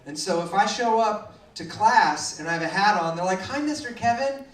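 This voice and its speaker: A young man doing a stand-up set, acting out kids in sudden shrill shouts. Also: moderate pace, recorded from a distance. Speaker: stand-up comedian. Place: club stage, roomy. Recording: roomy live club sound from afar.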